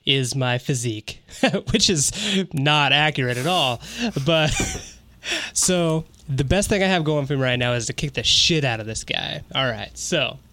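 A man's voice: medium pitch, lively intonation, a little slow, sharp tone, no echo. A man playing a tabletop game, joking and self-mocking as he describes his moves. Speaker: player. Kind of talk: casual tabletop play.

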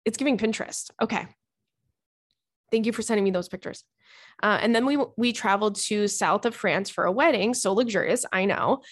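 A young woman hosts a chatty podcast, reading listener stories and breaking into playful jokes and giggles. Her voice sits at a middling pitch. The recording is dry and close. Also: brisk, no echo. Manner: giggly and playful, jokey asides. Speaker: podcast host.

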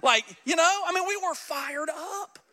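A man pastor preaching a sermon, animated and joking, speaking directly to his congregation in a church. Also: very high voice, measured pace. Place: church sanctuary.

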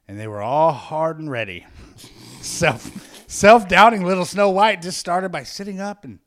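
A young man reads a story aloud for a comedy podcast in a mock-dramatic tone. He breaks off for crude, casual jokes. His pitch swings widely as he reads. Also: fairly bright tone, dry recording, clean studio sound. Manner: casual, crude, joking asides. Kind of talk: comic dramatic reading.

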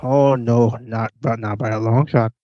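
A man co-hosts a podcast in playful, casual banter. His middle-pitched voice comes through a dull, lo-fi mic that sounds dry and close. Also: fairly even intonation, measured pace, mellow, no echo. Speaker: podcast co-host. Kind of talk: casual chat.

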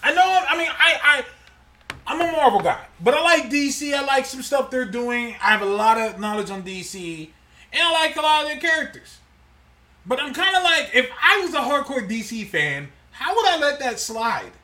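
A man co-hosting a casual podcast chat, animated and emphatic, laughing often. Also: very high voice, moderate pace, roomy sound, recorded from a distance. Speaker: podcast co-host.

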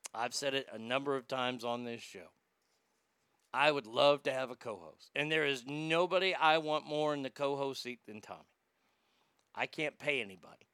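A man hosting a podcast in casual chat, reading out listener comments and ranting bluntly and profanely, swinging between loud outbursts and low mutters. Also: smooth, no echo. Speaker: podcast host.

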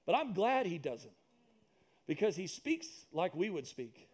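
A man's voice: high-pitched, sing-song, unhurried. A man preaching a sermon in church, emphatic and repetitive, with asides and jokes to the congregation. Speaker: pastor. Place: church with loudspeakers.

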